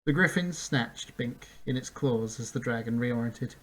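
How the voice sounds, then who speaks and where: A man's voice: medium pitch, unhurried, a bit bright, rough recording. Man reading a fantasy story aloud. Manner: reads with slips and restarts, occasional laughs. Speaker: narrator. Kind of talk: amateur audiobook reading.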